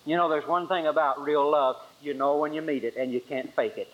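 Male preacher, raised pitch, emphatic sermon delivery, dull lo-fi recording. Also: fairly even intonation, brisk. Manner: emphatic, rises high then drops to quiet lines.

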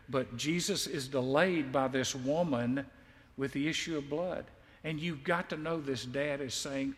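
A male pastor preaching a sermon and reading scripture, by turns emphatic and quietly confiding. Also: mid-range voice, a little slow, long reverb tail. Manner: emphatic, swells loud on key lines, then drops quiet and confiding.

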